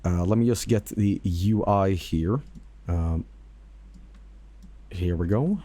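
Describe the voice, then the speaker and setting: A man's voice: low-pitched, slow pace, dark tone. A man streaming and reacting to videos in casual commentary, rambling with fillers, laughing and swearing.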